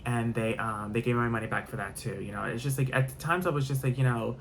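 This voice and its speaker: A man's voice: mid-range voice, fast, slight background noise. A man telling a rambling story-time vlog, repeating himself and swearing freely. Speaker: vlogger.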